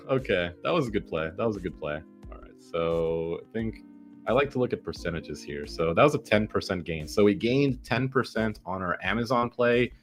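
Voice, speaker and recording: Deep-voiced man narrating his stock trades. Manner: excitable, swearing, talks to the chart. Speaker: day-trading vlogger. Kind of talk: casual live trading commentary.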